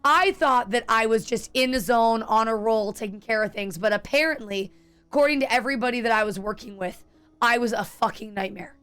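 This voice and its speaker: A woman's voice: fairly high pitch, brisk, a bit bright, clear, resonant tone, soft background music. A young adult woman streaming a game, chatting candidly with viewers in a rambling way, restarting sentences and swearing freely. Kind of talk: casual chat while gaming.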